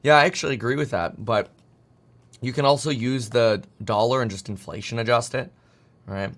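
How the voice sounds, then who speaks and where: A man's voice: medium pitch, a bit bright. A man in his thirties hosting a casual live stream about markets, rambling and joking as he clicks through charts. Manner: fast, rambling, jokey, talks to himself while clicking charts. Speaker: livestream host. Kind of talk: casual market commentary livestream.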